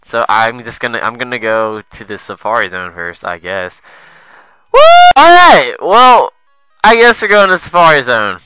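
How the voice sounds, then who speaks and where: Excitable swearing young gamer guy. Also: fairly low pitch, brisk, few pauses, clean tone, no room sound, faint music behind, poor audio. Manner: excitable, swearing, mutters asides then yelps. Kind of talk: let's play commentary.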